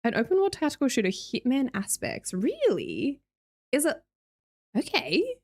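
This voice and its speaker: A woman's voice: high voice, huge pitch swings, a little slow, darkish tone. A young Australian woman streaming live, chatting casually with her viewers and reading out their messages, bubbly and laughing often.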